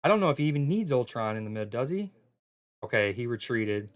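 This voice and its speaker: A man co-commentating a card game tournament on a live stream, chatty and loose, often excitable, with frequent fillers and restarts. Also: medium pitch, fairly quick.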